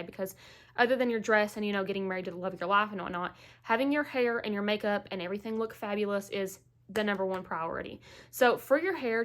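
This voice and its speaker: A woman's voice: mid-range voice, a bit bright. A woman beauty vlogger chatting casually through a makeup tutorial, stuffy and a bit out of breath from allergies, full of "like" and "um". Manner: chatty, filler-heavy, lots of "like" and "um".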